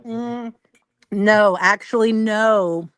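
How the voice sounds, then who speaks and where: A middle-aged woman co-hosting a casual livestream chat from home, telling animated family stories, acting out voices and laughing as she swears freely. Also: mid-range voice, extremely slow, no echo. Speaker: podcast co-host. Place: upstairs room at home.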